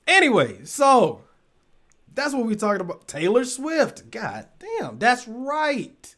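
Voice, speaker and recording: A man's voice: high voice, huge pitch swings, slow, vocal fry, a bit bright. A man hosting a relationship talk show, chatting loosely with his live audience. He swears freely, laughs often and trails off mid-thought. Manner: addresses the audience directly. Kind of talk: casual live-stream chat with viewers.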